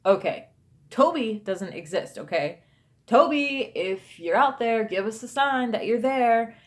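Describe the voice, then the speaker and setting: A woman voicing her exasperated husband, repeating his insistent, lecturing warnings in a slightly louder version of her own voice. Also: sits high, a little fast. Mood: stern. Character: exasperated husband laying down the law.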